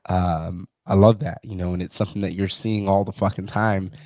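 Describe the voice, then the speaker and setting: A man hosting a podcast and telling a story in a profane, animated way, acting out what others said. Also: low-pitched, normal speed, no echo, studio quality. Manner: profane, animated storyteller who acts out quotes. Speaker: podcast host. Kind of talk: casual podcast conversation.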